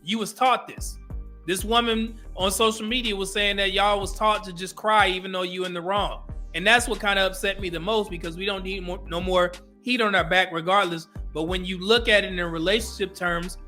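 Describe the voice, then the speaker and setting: High, bright-voiced man giving commentary. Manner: earnest, conversational, addressing viewers directly. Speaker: commentary channel host. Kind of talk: reaction commentary.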